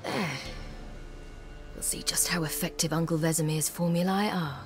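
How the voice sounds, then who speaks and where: An actress voicing a composed young female monster hunter in a video game, speaking in a calm, measured, matter-of-fact way. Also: lowish voice, close to an everyday voice. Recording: game music playing behind.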